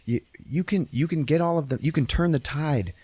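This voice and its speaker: A man's voice: fairly high pitch, fairly quick, dark tone, breathy edge, dry recording, pitched above the performer's own voice. A man doing a breezy, cocky cartoon sausage. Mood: encouraging. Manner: breezy, reassuring, swearing. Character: cocky misshapen male sausage, laid-back.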